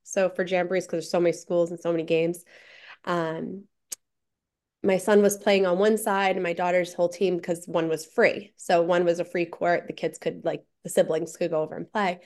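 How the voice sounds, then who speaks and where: A woman's voice: on the low side, level tone, moderate pace, darkish tone. A woman guest telling a story in casual conversation, full of chatty "like" fillers.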